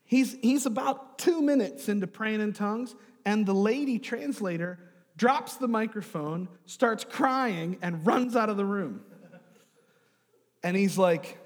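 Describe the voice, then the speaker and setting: A man preaching a sermon, telling a story and moving between quiet, hushed asides and loud, emphatic bursts. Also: high-pitched, lively intonation, measured pace. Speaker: pastor. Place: church sanctuary. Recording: long reverb of a large hall.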